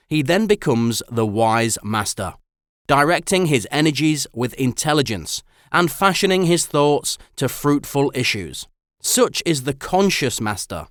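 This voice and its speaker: A man narrating an audiobook in a measured, expressive reading style. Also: medium pitch, dry recording, studio quality. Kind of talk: scripted narration.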